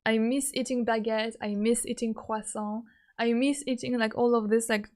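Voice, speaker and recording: A woman's voice: on the high side, little pitch movement, normal speed, darkish tone. A young woman from France with a French accent, chatting casually and giggling often with her live-stream viewers.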